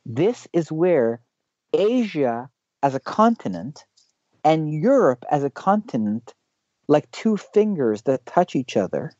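A man talks through a map on screen, often stopping to restart his sentences and pausing on fillers. His voice is mellow and dark and sits dry and close. The sound is a bit dull and lo-fi. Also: fairly high pitch, very animated, dry recording. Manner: halting, many restarts and fillers. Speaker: regular guest teacher.

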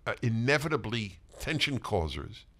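An older man co-hosting a talk show, telling stories in an animated way with frequent restarts and repeated words. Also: mid-range voice, moderate pace. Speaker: co-host. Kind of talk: casual conversational talk show.

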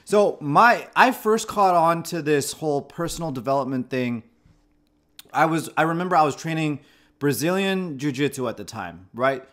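A man's voice: fairly high pitch, lively intonation, moderate pace, a bit bright. A man in his thirties, a channel host, reflectively telling a personal story to camera in a conversational way, often restarting his phrases. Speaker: host of a channel about anxiety.

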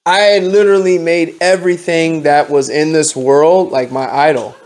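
A man preaches a testimony at a home fellowship gathering, his voice sitting a little high for a man. He tells it in a lively, slangy storyteller's way, acting out each person's lines as he goes. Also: moderate pace. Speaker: lay preacher. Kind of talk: testimony sermon.

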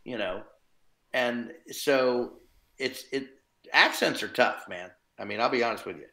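A man, a voice actor guest, chatting casually in an interview, animated and quick with asides and chuckles. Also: mid-range voice, vocal fry. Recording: roomy echo.

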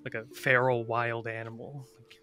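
A man playing a tabletop game, describing his character's actions in halting detail. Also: medium pitch, flat delivery, pushed and bright. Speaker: player.

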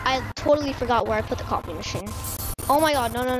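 A woman's voice: high-pitched, lively intonation, fast talker, background noise. A young woman giving casual let's-play commentary, rambling and stammering with many fillers into a desk mic. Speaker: gaming YouTuber. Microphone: desk microphone.

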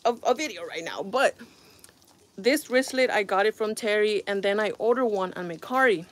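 Exasperated woman vlogger sighing a lot. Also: mid-range voice. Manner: exasperated, rambling, sighs often. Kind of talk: casual product review vlog. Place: at home.

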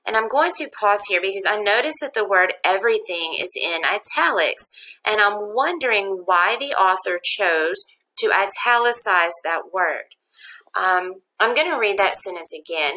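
A woman teacher reads a chapter book aloud to her students. Her voice is bright and clear. She tells the story at a steady pace and sometimes stops to explain a word to the class. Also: mid-range voice, moderate pace, rough recording. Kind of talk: reading a novel aloud to a class.

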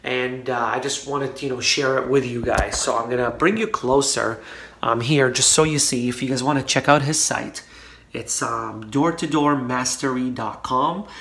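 A man speaks to his viewers from his office in a loose, rambling way, full of fillers and restarts. His voice is bright and forward. The room adds a noticeable echo around him. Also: medium pitch, fairly even intonation, normal speed, creaky. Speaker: online marketing vlogger. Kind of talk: casual vlog talk to camera. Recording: roomy echo.

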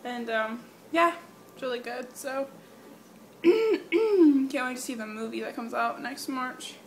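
A teenage girl rambles through a casual daily vlog, giggling and keeping her voice soft as she walks outside. Her voice sits high with a touch of fry, and faint background noise sits behind her. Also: lively intonation, takes it slowly. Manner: walking and talking softly outdoors. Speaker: vlogger. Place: quiet suburban neighborhood outdoors.

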